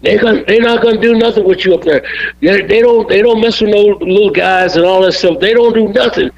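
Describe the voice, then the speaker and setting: Man putting on a blustering older promoter, high-pitched, rushed, dismissive, dull lo-fi sound. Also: vocal fry. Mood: upset. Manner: agitated, fast, dismissive.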